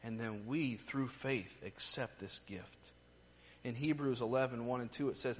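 A man preaching a sermon in an earnest way. His voice goes from emphatic lines to hushed, quiet ones. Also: medium pitch, fairly even intonation, unhurried, muffled recording, slight background noise.

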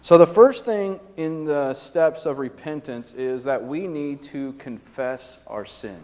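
A man's voice: medium pitch, big-room sound. A man preaching a sermon as pastor, in a conversational way with frequent tag questions and fillers.

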